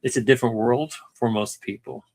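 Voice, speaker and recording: A man's voice: medium pitch, fairly even intonation, a little fast, darkish tone. A man hosting a casual interview podcast, answering in short, easygoing phrases and calling his guest "man". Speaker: podcast host.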